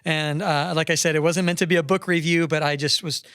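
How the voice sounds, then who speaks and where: A man's voice: a little high, fairly even intonation, fairly quick, fairly bright tone, smooth, dry recording, clean studio sound. A man hosting a podcast interview, talking enthusiastically in a casual way, often restarting his sentences. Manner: enthusiastic, effusive, with frequent restarts. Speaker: podcast host.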